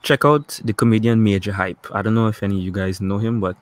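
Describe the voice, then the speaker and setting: A man from Guyana, co-hosting a casual online chat show in a relaxed way. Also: fairly low pitch, fast, no echo. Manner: relaxed, talks to viewers in the chat.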